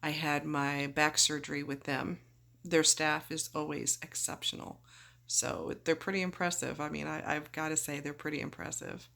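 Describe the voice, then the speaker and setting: A woman's voice: deep voice, steady tone, normal speed, vocal fry, bright, forceful tone. A woman vlogging after surgery, groggy and chatty, rambling through her story and acting out what people said. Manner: chatty, rambling, acts out quoted voices. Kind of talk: casual storytelling.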